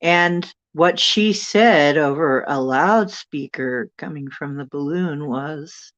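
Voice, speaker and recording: A woman's voice: deep voice, slow pace, fairly bright tone, lo-fi sound. A woman hosting a livestream, wandering through her thoughts as she recounts dreams and reads viewer comments. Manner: meandering, thinking aloud. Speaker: channel host.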